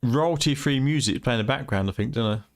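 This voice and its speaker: A British-accented man from the UK talks fast at a medium pitch while joking around with viewers during a late-night gaming stream. He sounds worn out, voice going, but keeps teasing people and swearing freely.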